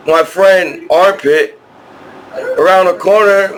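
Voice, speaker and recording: A man's voice: high voice, lively intonation, normal speed, a crowd in the background, rough recording. A man from New Jersey with a New Jersey accent, delivering a rambling, aggrieved vlog monologue to the camera, stammering through frequent restarts. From New Jersey, USA. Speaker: vlogger.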